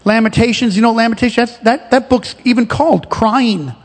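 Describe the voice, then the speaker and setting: A man with a strikingly high voice preaches a fervent sermon as pastor. He swings between ringing shouts and conversational rhetorical questions to his congregation. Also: brisk, in a large hall.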